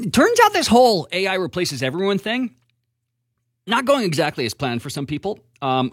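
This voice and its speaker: A man's voice: medium pitch, no echo, clean studio sound. A man hosting a morning radio show, chatting casually in a wry, joking way as he sets up a comic bit.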